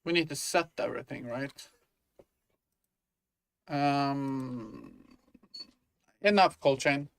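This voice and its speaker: A man's voice: medium pitch, slow, pauses often, clean tone. A man chatting casually in a game-dev vlog, rambling with many fillers and restarts, thinking aloud as he works. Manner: thinks aloud while working. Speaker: indie game developer. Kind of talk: casual dev-log chat.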